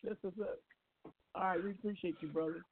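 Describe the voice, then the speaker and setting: A man hosting a live radio show in casual chat, halting with many fillers and restarts. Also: sits high, fairly even intonation, a little hiss or hum. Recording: phone-like narrow sound.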